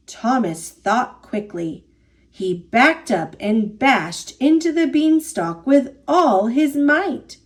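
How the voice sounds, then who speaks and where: A woman reading a children's picture book aloud in a high, lively voice. She draws out every phrase very slowly and expressively. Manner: expressive, drawn-out storybook narration. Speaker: storyteller.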